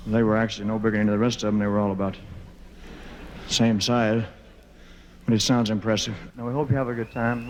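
A man's voice: on the low side, little pitch movement, brisk, darkish tone, lo-fi sound, a little hiss or hum. A man in his thirties from the southern United States with a Southern accent, a singer telling rambling, self-mocking stories on a concert stage with lots of fillers and restarts. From Memphis, southern United States. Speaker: singer performing live on stage. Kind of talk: joking stage banter between songs. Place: concert stage before a live audience.

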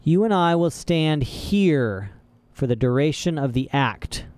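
A man doing a slow, menacing henchman. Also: on the high side, expressive, darkish tone, clear, resonant tone, no echo, voice pushed up. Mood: threatening. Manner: slow and threatening.

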